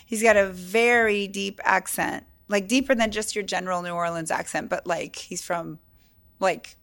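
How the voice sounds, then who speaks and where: This is a middle-aged woman from California, co-hosting a podcast in relaxed conversation. She is an animated storyteller whose voice sits at an ordinary middle pitch, and she acts out the people she quotes. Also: moderate pace, vocal fry. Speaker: podcast co-host. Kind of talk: casual chat.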